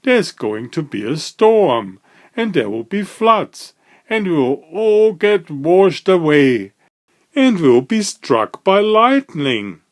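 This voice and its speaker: A man voicing a nervous, easily frightened storybook character with a high, shrill, fretful voice. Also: sing-song, slow pace. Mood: panicky.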